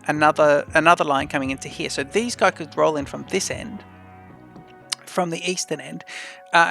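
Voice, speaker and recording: A man with a gravelly, slightly high voice talks through his game, thinking aloud in an unhurried, chatty way. He speaks close to a desk mic. Faint music plays under him. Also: sharp tone. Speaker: let's play host. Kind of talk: casual gameplay commentary.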